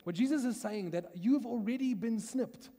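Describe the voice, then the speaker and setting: Pastor, male, South African accent, mellow voice, chatty teaching tone, church hall with long reverb. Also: extremely high pitch, moderate pace. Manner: conversational teaching, asks the congregation questions, laughs often. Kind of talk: sermon.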